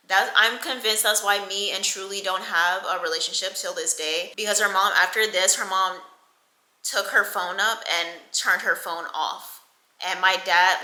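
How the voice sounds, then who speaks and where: A young woman in her twenties tells a story straight to camera with a very bright, sharp voice. She is animated and chatty and swears freely. The sound has a roomy echo. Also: lowish voice. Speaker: storytime vlogger. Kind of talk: casual storytime.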